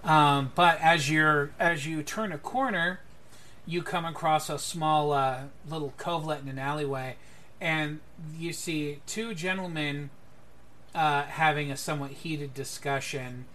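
A man's voice: a little high, steady tone, measured pace, pushed and bright, a little hiss or hum. Rambling male game master. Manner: rambling, many fillers and restarts. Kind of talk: narrating a tabletop game.

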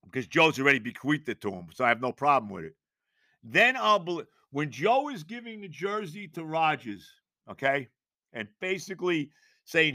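An older man, hosting a sports podcast and ranting in exasperation with loud, theatrical outbursts. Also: a little high, sing-song, normal speed, no echo, studio quality. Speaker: podcast host. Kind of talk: sports rant.

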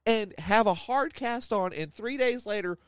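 A man's voice: high voice, a little slow, clear, resonant tone, no room sound. A young man hosting a podcast, telling a story in casual chat, swearing freely and acting out what people said. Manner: animated storyteller who swears freely and acts out quotes. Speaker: podcast host.

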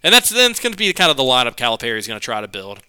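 A man talks through a casual sports podcast, and his nose is a bit stuffed up from a cold. His voice is very bright and crisp. He rambles and restarts his sentences in a loose, chatty way. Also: mid-range voice, very animated, rapid-fire. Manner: rambling, conversational, self-correcting. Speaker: podcast co-host.

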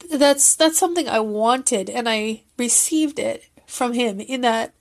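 Earnest woman recapping, slightly high voice. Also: unhurried. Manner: emotional, earnest, rambling. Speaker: fan video creator. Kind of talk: casual recap commentary.

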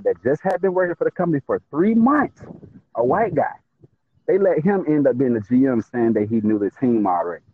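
Man, casual podcast chat, animated storyteller, stutters and repeats, husky, tinny phone-like sound. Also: medium pitch. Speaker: podcast co-host.

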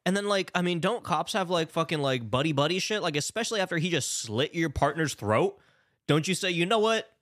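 A man casually recapping a film on a podcast, animated and exasperated, swearing freely and acting out the characters' lines. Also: fairly high pitch, fairly quick, no room sound, clean studio sound. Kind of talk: casual profane movie recap chat.

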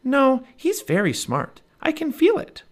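A man voicing an eager, curious, fearless young girl in a storybook reading, with a high and bubbly delivery. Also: huge pitch swings, unhurried, full character voice. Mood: coaxing.

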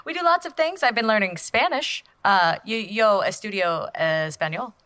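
A woman's voice: medium pitch, lively intonation, moderate pace, a bit bright, clear, resonant tone. A woman co-hosting a podcast in a playful, chatty and self-deprecating way. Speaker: podcast co-host. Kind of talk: casual podcast chat.

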